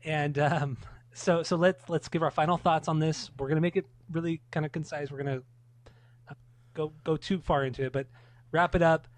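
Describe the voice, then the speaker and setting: A man's voice: on the high side, steady tone, moderate pace. A man co-hosting a casual music podcast, upbeat, steering the segment and swearing casually. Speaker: podcast co-host.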